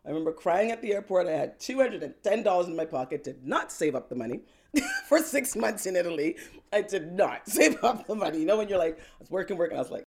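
Animated woman singer telling stories. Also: low voice, fairly quick. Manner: lively, laughs often, acts out quotes. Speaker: singer-songwriter guest. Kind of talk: animated personal storytelling.

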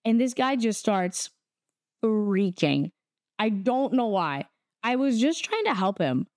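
A young woman casually telling a story, animated and quoting people as she goes. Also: medium pitch, takes it slowly, no echo, clean studio sound. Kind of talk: casual chat.

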